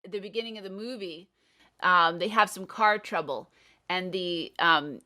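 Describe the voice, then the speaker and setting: A woman's voice: fairly low pitch, moderate pace, bright, forceful tone. A woman English tutor talking through a film in a thoughtful, explaining way. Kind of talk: casual chat about a film.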